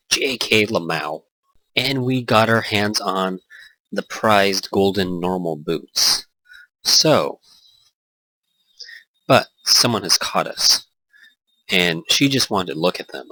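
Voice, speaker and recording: A man's voice: sits low, animated, takes it slowly, pauses often, sharp tone, no room sound, poor audio. A man hosting a let's play, reading a visual novel aloud with joking, self-correcting commentary. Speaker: host.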